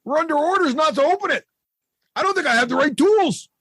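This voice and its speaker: A man's voice: extremely high pitch, animated, fast, crowd noise, pitched above the performer's own voice. A man voicing a nervous male goblin guard who pleads anxiously. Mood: anxious pleading.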